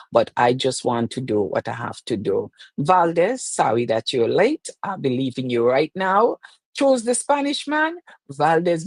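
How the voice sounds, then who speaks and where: A middle-aged Jamaican woman hosts a casual live show with a lively, sing-song voice that swoops up and down. She teases and tells stories, sliding between patois and standard speech. The sound is close and dry. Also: a bass voice, breathy edge, no echo. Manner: playful, teasing, storytelling. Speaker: show host. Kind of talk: live-streamed casual chat.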